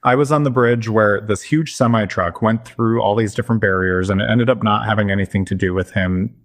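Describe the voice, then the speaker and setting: Animated gay man telling a story. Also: a little fast. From lived in Minneapolis. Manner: animated, swooping into high voices for quoted people. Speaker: podcast co-host. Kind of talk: casual storytelling chat.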